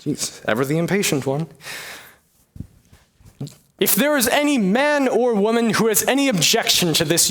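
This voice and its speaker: A young man performing a one-man comedy play, with a hammy, exaggerated delivery and sudden pitch swings. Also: sing-song, unhurried, pauses often, fairly bright tone. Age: young adult. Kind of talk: theatrical one-man comedy, many voices.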